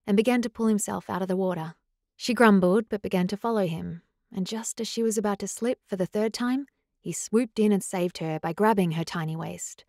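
A woman reading a romance audiobook in an even storytelling manner on a close studio mic. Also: medium pitch, moderate pace, creaky, no echo. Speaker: audiobook narrator. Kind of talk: scripted narration.

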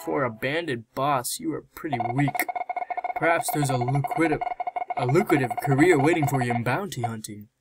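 A man giving gameplay commentary, excitable, shouting and squealing in reaction to the game. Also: mid-range voice, moderate pace, heavy background noise. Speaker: let's play gamer. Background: game music.

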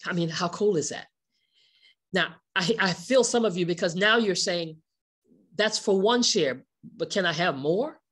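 Emphatic woman giving a sales pitch. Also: measured pace, slightly rough. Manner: emphatic, asks many rhetorical questions; repeats key words for stress. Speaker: company presenter.

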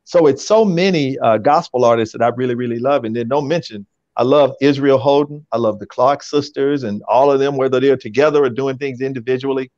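A man talking casually as a guest on a talk show, using his natural, relaxed speaking voice and laughing easily. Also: medium pitch, a little fast, few pauses, no echo, muffled recording. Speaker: radio program director, guest.

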